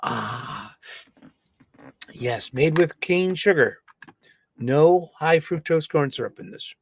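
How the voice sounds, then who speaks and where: A middle-aged man, hosting a casual livestream chat, who gets excited and lets his voice jump into higher registers. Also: a little slow, a little hiss or hum. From Boston. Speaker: livestream host.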